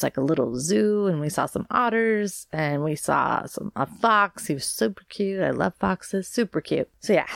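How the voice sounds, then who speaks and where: A woman's voice: low voice, gravelly, no room sound, studio quality. A woman hosting a podcast in a casual, chatty, rambling way, sounding congested from allergies. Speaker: podcast host. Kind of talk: casual solo podcast chat.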